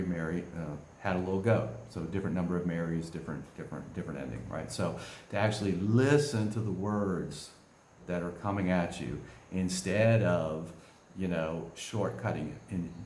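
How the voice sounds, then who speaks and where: A man with a very low voice teaches in an easygoing way, often ending his points with a quick "right?" He sounds like a coach giving a talk. The recording has a roomy echo. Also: a little mellow, a little hiss or hum. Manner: conversational, keeps asking "right?".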